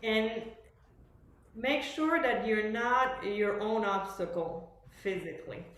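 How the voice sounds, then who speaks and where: A woman's voice: mid-range voice, slow pace, a bit bright, slight background noise. A woman teaching a master class, coaching a student and explaining at length, often searching for words. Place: music school room. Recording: very echoey room.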